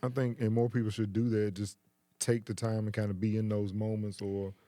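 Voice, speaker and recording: A man co-hosting a podcast who listens, answers with short agreeing remarks and gently offers his view. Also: fairly low pitch, little pitch movement, brisk, no room sound. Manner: supportive listener, brief affirmations. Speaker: podcast co-host. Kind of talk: casual chat.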